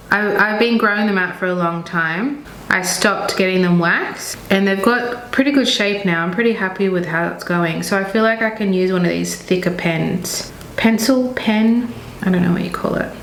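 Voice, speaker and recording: A woman's voice: mid-range voice, a bit bright, a little hiss or hum. Chatty Australian woman in a roomy room. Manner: rambling, self-correcting, frank. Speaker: beauty vlogger. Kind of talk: chatty get-ready-with-me makeup talk.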